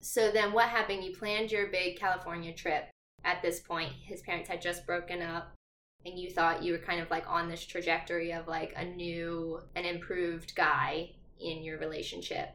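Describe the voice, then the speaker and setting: A woman's voice: on the low side, level tone, normal speed, fairly bright tone. A woman hosting a podcast, prompting a close friend through her story in a familiar, friendly way. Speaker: podcast host. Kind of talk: interview prompting. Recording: roomy echo with faint room noise.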